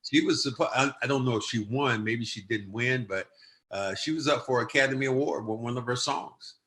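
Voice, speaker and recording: A man's voice: mid-range voice, fairly quick. An older man hosting a podcast in casual chat, telling stories and acting out quotes with gusto. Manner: animated storyteller, acts out quotes loudly. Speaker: podcast host.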